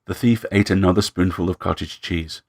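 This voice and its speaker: Male narrator, very low and gravelly, measured story reading. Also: steady tone, a little mellow, no echo, clean studio sound.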